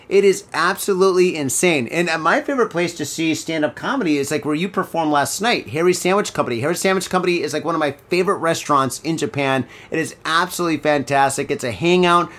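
A man's voice: fairly high pitch, fairly quick, hardly any pauses, a bit bright. A man hosting a casual comedy podcast, chatty and rambling, swearing freely. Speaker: podcast host. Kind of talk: casual chat.

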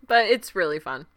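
A woman chatting casually, telling a lively story and laughing often as she quotes people. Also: mid-range voice. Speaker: film festival guest. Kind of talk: casual chat.

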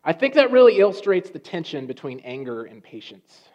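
A man preaching a sermon, telling a story in a conversational way with restarts and pauses. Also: high voice, big pitch swings, darkish tone. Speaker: pastor. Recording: dull lo-fi sound.

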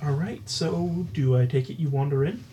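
A man acting as dungeon master, narrating scenes and settling rules in a calm, matter-of-fact way. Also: a little high, normal speed, slight background noise. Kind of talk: narrating a tabletop game.

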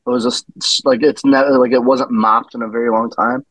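A man guest on a podcast, telling animated stories and acting out what people said. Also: mid-range voice, fairly quick, gravelly, no echo, poor audio. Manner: animated anecdote teller who acts out quotes and derails. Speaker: guest wrestler. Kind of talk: casual podcast chat.

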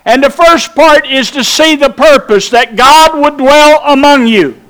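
Drawing out each phrase, a pastor with a very high, slightly bright voice delivers a slow, emphatic sermon, asking his congregation rhetorical questions.

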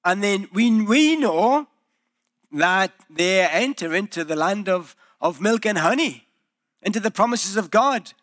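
A male pastor preaching a sermon in a church, telling the story in a lively way and acting out the quoted voices. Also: high voice, measured pace.

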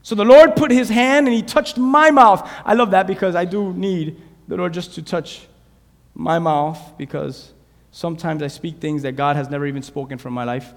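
A man preaching a sermon to a church, dynamic, swinging from hushed asides to shouted passages. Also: sits high, normal speed. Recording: long hall reverb.

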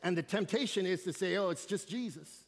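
A man preaching an animated sermon as a guest speaker, with slangy asides and shouted emphasis. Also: high-pitched, fairly quick, big-room sound. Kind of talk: energetic sermon. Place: church sanctuary.

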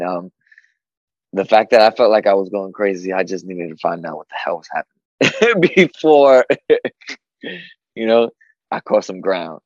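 A man in a casual chat, talking in a relaxed way and laughing easily. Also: fairly low pitch, dry recording. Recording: slightly dull lo-fi sound.

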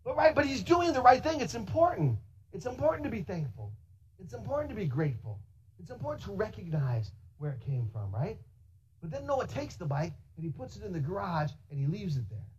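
A pastor preaching a sermon in an animated way, asking the congregation rhetorical questions and speaking to them directly. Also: mid-range voice, a little fast, slight background noise, rough recording.

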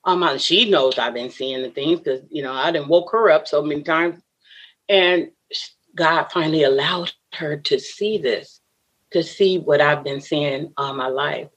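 Speaking low and at a measured pace, a woman interview guest earnestly recounts a personal story. She is emotional and often acts out what other people said to her.

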